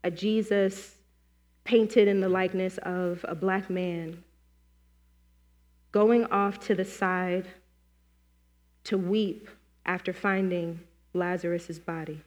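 A woman preacher leading a slow, gentle guided meditation and prayer in a church. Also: fairly low pitch, fairly even intonation. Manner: gentle, slow, inviting with many pauses. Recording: long hall reverb.

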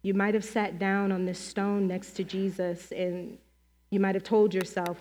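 Woman, preacher, guided prayer, very slow, soft and inviting, mid pitch, long hall reverb. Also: flat delivery. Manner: gentle, slow, inviting with many pauses. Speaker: preacher leading a guided meditation.

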